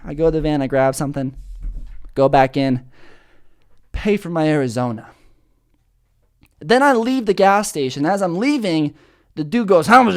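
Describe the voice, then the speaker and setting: A young man hosting a podcast, telling rambling comedic stories in a profane, animated way. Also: fairly high pitch. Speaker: podcast host.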